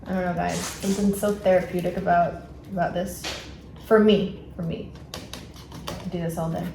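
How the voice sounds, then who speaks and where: A woman's voice: on the low side, steady tone, moderate pace, mellow. A woman with a New York accent gives a casual plant-care vlog, chatting with lots of fillers and self-corrections as she repots plants at home. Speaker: plant vlogger. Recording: echoey room with clear background noise.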